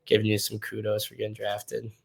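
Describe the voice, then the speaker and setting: Low, flat-voiced young man. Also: brisk, vocal fry, husky. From Minnesota. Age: young adult. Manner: relaxed, loose storytelling with many fillers. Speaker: hockey prospect guest. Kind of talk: casual interview answers.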